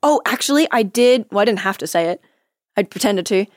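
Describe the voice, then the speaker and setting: A woman's voice: medium pitch, animated, fairly quick, dry recording, clean studio sound. A young Australian woman, a podcast guest, chatting casually and laughing at herself often. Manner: giggly, self-mocking, laughs often. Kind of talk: casual chat.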